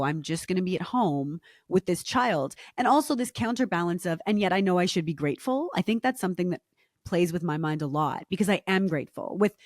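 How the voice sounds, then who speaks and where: A woman's voice: fairly low pitch, a little mellow, dry recording, studio quality. Candid, reflective woman podcast guest. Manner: candid, reflective, often laughs. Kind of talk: casual podcast chat.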